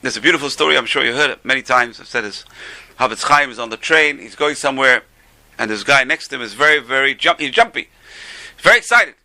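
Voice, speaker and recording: A man's voice: mid-range voice, animated, fast, sharp tone. An older man teaching an informal religious class, a chatty, joking storyteller.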